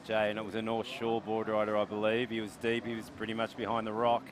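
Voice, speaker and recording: A man's voice: fairly low pitch, completely flat delivery, fast, a crowd in the background. A man commentating surfing in a playful, joking way. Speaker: surf commentator, former world champion. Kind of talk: live sports commentary.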